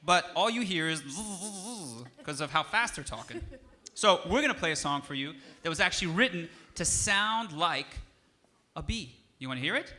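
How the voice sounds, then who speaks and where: A man's voice: on the high side, animated, normal speed, bright, forceful tone. A man teaching music to a young audience on stage, playful and coaxing, drawing the children in. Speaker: music educator. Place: concert stage.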